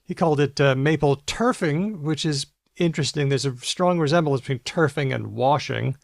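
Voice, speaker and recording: A man's voice: on the high side, normal speed, creaky, no echo. Dry-miked man co-hosting a chat show. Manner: chatty, explains with asides. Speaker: podcast co-host. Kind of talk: casual chat reading out news items.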